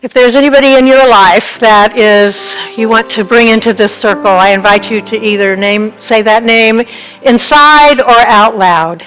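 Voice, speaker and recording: A woman minister telling a joke with laughter and leading a calm, softly spoken prayer in a church sanctuary. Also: a little high, normal speed, smooth, soft background music, poor audio. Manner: warm, laughing storyteller, then soft and calm in prayer. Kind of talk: sermon joke and guided prayer.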